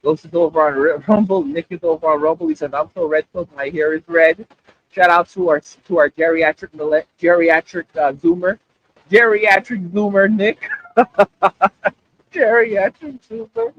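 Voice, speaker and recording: Talking straight to his chat, this livestream host is animated and repetitive in a casual way. His voice sits high and moves at a moderate pace, and the audio has its highs cut off.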